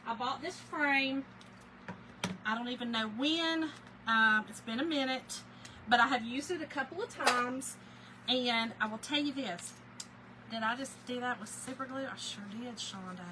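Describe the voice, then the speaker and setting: Woman, Southern US accent, fairly high voice, casual live-stream chat, greets viewers in sing-song, noisy background. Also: a little slow. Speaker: livestream crafter.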